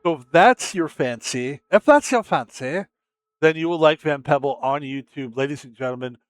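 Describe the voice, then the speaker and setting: American male streamer, casual rambling self-promoter, a bit high-voiced. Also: steady tone, normal speed, clear, resonant tone, no echo, faint music behind. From United States.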